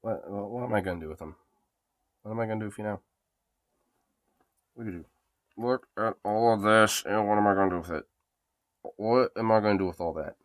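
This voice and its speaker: A man's voice: lowish voice, brisk, pauses often. A man streaming casually, cooing affectionate baby talk to his pet cat.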